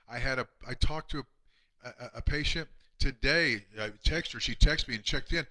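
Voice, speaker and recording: A man, a chiropractor, telling emotional patient stories on a live stream, earnest and often dropping to a hushed voice. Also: mid-range voice, moderate pace. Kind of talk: heartfelt storytelling on a live stream.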